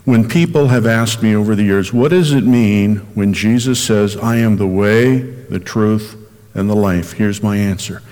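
A man's voice: lowish voice, moderate pace, darkish tone. A man who is a senior minister, preaching a sermon and rising sharply in emphasis on key phrases. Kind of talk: recorded sermon for radio. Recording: long hall reverb.

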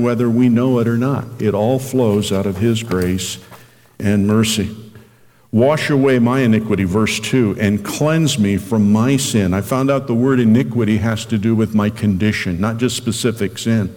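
A man preaching a sermon as pastor, reading scripture slowly and earnestly. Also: fairly low pitch, a little mellow, in a large hall.

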